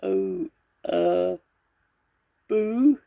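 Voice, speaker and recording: Squeaky shy storybook lion voiced by an older man, high and hesitant. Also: drawn-out words, creaky, mellow, dry recording, dull audio, full character voice. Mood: timid. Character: timid little male lion with squeaky voice.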